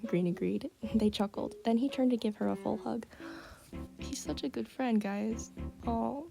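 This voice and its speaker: A chatty young woman reads her old stories aloud, stopping to laugh and comment. Her voice is mellow and dark-toned with a gravelly edge. Faint music sits under her. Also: fairly high pitch, moderate pace. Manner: chatty, giggly, reacts to her own writing. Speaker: creator reading her old fanfiction. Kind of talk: casual reading aloud with commentary.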